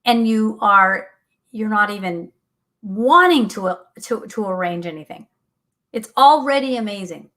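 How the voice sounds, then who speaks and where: A woman's voice: mid-range voice, fairly bright tone. A middle-aged woman hosting a faith talk show, speaking earnestly and animatedly, often laughing, reading out listener comments. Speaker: radio show host.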